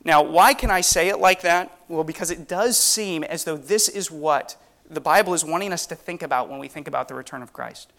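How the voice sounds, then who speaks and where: Man, preacher; earnest sermon delivery with rhetorical questions, a touch higher voice. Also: brisk, creaky, fairly bright tone.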